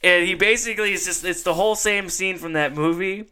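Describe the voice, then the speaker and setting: Bright, laughing male podcast host. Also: sits high, brisk, clean tone. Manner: laughing often while retelling a sketch. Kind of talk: casual chat.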